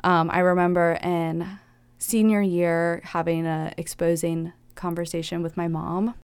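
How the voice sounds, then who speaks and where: A young woman recounts her past in an interview, candid and reflective, her slightly low voice carrying a gravelly edge. The sound is close and dry with no room around it. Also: level tone, a little mellow, no echo. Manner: candid, reflective, with quick laughs and acted-out quotes. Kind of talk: personal life-story interview.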